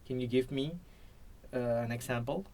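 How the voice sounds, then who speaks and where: A man's voice: medium pitch, moderate pace, warm tone. An Indonesian man practicing spoken English, hesitant, often repeating and restarting while he searches for words. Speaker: English learner and teacher. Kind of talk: practice conversation.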